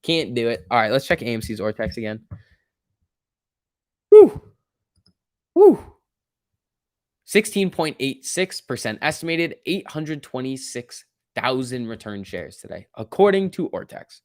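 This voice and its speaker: A young man hosting a casual stock-market livestream, chatty and excitable, reading chat messages aloud. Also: medium pitch, normal speed, few pauses, dry recording, studio quality.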